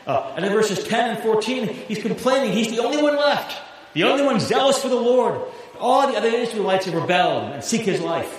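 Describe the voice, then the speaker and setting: Animated preacher man in echoing hall. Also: high-pitched, a little fast. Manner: animated, laughs at own jokes. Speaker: pastor. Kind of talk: sermon. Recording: echoey hall with long reverb, faint hiss.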